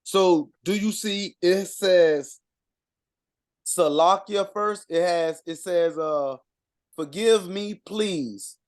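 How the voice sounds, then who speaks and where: A man giving an informal language lesson, reading out word lists and sounding out words with halting pauses and fillers. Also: high voice. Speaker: co-presenter reading out vocabulary.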